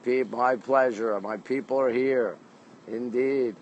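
A man's voice: mid-range voice, fairly even intonation, slow, darkish tone, lo-fi sound, slight background noise. A man from Canada hosting a casual livestream on a city rooftop at night, greeting viewers by place name and reading their comments aloud into his phone. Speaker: livestream host.

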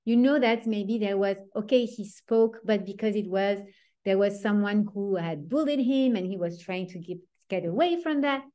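A woman with a French accent teaching an informal online class over a video call, chatty and animated, often breaking into laughs. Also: medium pitch, moderate pace. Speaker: teacher of a weekly Torah class.

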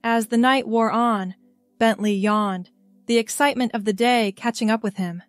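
A woman reading a scripted story aloud in a calm, even storybook manner. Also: a little high, normal speed, no room sound, faint music behind.

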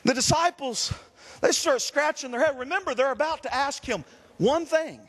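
A man's voice: extremely high pitch, normal speed, fairly bright tone, long reverb tail. A man, a Pentecostal pastor, preaching a fervent sermon with repeated refrains. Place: church sanctuary.

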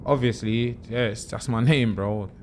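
A young man giving excitable, swearing, joking commentary while streaming a horror game. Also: mid-range voice, a little slow, noisy background. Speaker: gaming streamer. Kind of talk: horror let's-play commentary.

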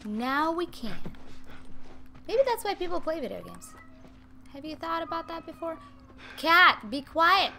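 A young woman giving chatty, excitable let's-play commentary, talking to her viewers and shushing her cats. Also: very high voice, normal speed, vocal fry, pauses often, a little hiss or hum. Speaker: gaming video host. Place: home room with cats nearby.

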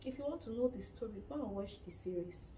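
A woman with a Nigerian accent giving a lively, dramatic gossip review of a reality show, laughing often. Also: a little high, quick pace, recorded from a distance, a little hiss or hum. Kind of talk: casual gossip commentary.

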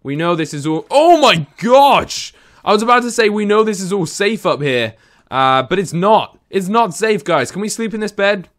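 A young man gives running gameplay commentary in a higher, very lively voice that leaps up and down. He is excitable, talking to the creatures on screen and addressing his viewers directly. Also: normal speed. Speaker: gaming video host.

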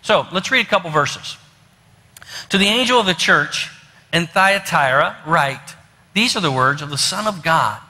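A man with a West Virginian accent preaches to his church, his voice a bit high and very bright. He talks in a folksy, storytelling way, full of fillers and restarts. The sanctuary gives his words a long, ringing echo. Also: lively intonation, moderate pace. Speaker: pastor. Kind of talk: sermon. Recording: long hall reverb.

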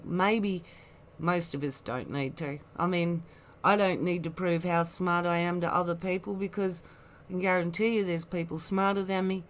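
A woman giving rambling, critical commentary, full of asides and scorn. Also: fairly low pitch. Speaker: online commentator.

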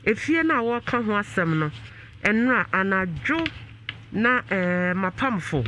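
Sex: man. Role: radio host. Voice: high-pitched. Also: very animated, a little slow, pushed and bright, a little hiss or hum. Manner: asks short questions, announces station plugs. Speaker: radio talk show host. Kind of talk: radio talk show hosting.

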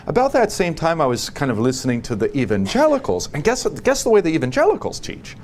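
A man giving a long spoken answer in a book study, emphatic and repetitive, dropping quiet and low on solemn points. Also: huge pitch swings, brisk, hardly any pauses, a little hiss or hum. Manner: emphatic, repeats key phrases, many restarts.

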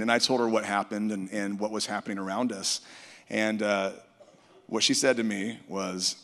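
A man's voice: on the low side, steady tone, a little fast, fairly bright tone. Man telling a testimony in a big hall. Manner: storytelling, quoting others in dialogue. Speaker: worship musician. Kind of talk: testimony at a conference. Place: large conference hall. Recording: reverberant hall.

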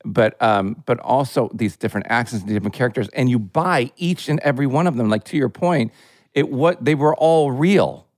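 A man's voice: mid-range voice, expressive, moderate pace, a little mellow, dry recording. Enthusiastic guy cohosting a podcast, earnest questions, dry close sound. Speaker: podcast co-host. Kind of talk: casual podcast chat.

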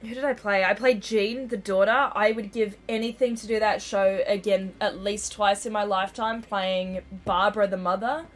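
A woman's voice: medium pitch, fairly even intonation, moderate pace, few pauses. A woman hosting a game livestream, chatting casually and laughing often as she plays. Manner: giggly, chatty. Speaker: livestream host. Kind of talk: casual chat over gameplay.

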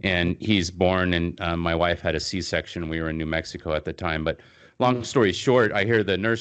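A man with a low voice talks casually as a podcast host, animated and quick to act out what others said. He tells his stories in a loose, conversational way with plenty of filler. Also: clean tone. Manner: animated storyteller, acts out quotes, laughs. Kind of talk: casual storytelling in interview.

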